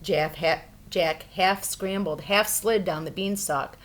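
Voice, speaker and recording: A woman reading a fairy tale aloud for children, expressive and playful. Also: fairly low pitch, slow, slight background noise. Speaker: storyteller. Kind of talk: children's storybook read-aloud.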